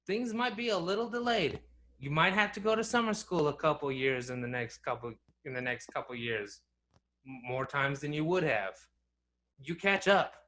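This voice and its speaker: A man's voice: on the high side, expressive, normal speed, fairly bright tone. A young man co-hosting a podcast, rambling in casual chat with many fillers and restarts. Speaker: podcast co-host.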